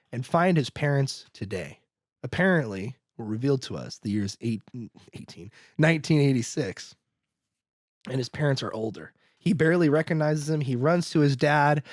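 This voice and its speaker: A man's voice: a little high, no room sound, studio quality. A man co-hosting a podcast, casually recapping a film and acting out the characters' lines, laughing as he goes. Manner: animated, acts out characters' lines in quick voices; laughs often, trails off and restarts. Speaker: podcast co-host.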